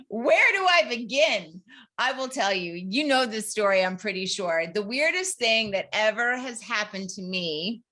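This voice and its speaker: A middle-aged woman co-hosting a podcast, with a bright, clear tone. She talks in a relaxed, casual way and tells her stories with a ready laugh. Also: medium pitch, measured pace. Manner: storytelling, laughs often. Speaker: podcast co-host. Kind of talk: casual chat.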